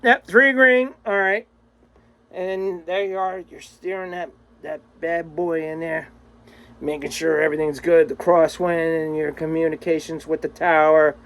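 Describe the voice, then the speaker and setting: A man's voice: on the high side, little pitch movement, normal speed, low-quality recording. A man recording a casual, rambling video message to a friend, swearing freely and laughing often. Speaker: vlogger.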